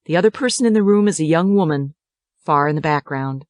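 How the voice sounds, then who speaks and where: Woman reading a play, low voice. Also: animated, a little fast, no room sound. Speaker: narrator. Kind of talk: dramatic reading of a play script.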